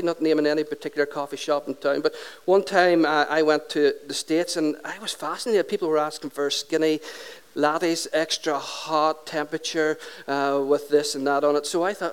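A man's voice: a little high, smooth. A middle-aged man, preaching a humorous, conversational sermon and asking the congregation questions.

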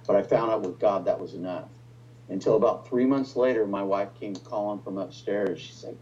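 A man's voice: lowish voice, fairly even intonation, normal speed, a little mellow, lo-fi sound. A middle-aged man, a pastor, telling an emotional personal story in conversation, often restarting his words. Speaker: pastor, guest.

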